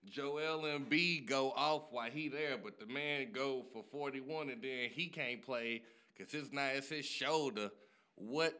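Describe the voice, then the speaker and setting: Man, bright forceful voice, casual sports banter, profane, animated. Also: medium pitch, unhurried, clean tone. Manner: profane, animated, laughs often.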